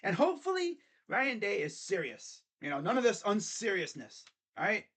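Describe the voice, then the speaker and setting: Young man, high-pitched, animated, rambling, mocking asides, casual sports stream host. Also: moderate pace.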